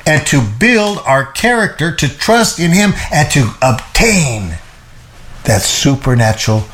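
A man co-hosting a show, teaching and explaining a Bible passage in a lively way, often repeating himself and laughing. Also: fairly high pitch, a little slow.

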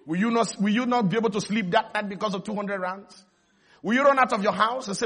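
A man preaching a sermon in an animated way, acting out little scenes and leading the congregation in call and response. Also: sits high, brisk, pauses often.

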